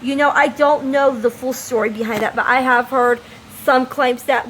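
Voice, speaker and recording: High-voiced woman giving an impassioned opinion. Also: fairly even intonation, a bit bright, slight background noise, poor audio. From United States. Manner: impassioned, emphatic, slow deliberate delivery. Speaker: vlogger. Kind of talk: opinion monologue to camera.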